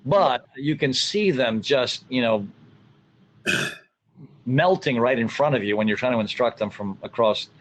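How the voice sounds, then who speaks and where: A man's voice: mid-range voice, measured pace, pauses often, a little hiss or hum, low-quality recording. A middle-aged man, a college soccer coach, answering interview questions in a reflective way with many fillers. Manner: reflective, many fillers, acts out what he tells players.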